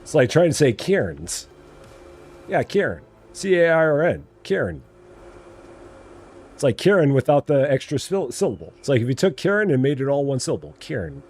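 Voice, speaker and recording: A man's voice: a little high, sing-song, fairly quick, a little mellow, slight background noise. A man from Illinois hosting a live game stream, chatting playfully and answering viewers. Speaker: live-stream gamer host. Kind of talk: casual live-stream chat.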